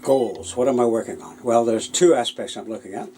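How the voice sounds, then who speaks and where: A puppeteer telling stories about his work in a relaxed, hesitant way, with many fillers and restarts. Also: mid-range voice, a little fast, music in the background, poor audio. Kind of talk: anecdotal storytelling.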